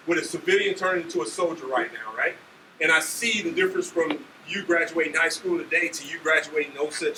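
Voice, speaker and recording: Animated man speaking in an echoey hall. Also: on the high side. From Ohio. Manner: animated, acts out scenes, keeps asking "right?". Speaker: army leader speaking to students. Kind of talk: motivational storytelling speech. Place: school auditorium. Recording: echoey hall from far off, faint noise.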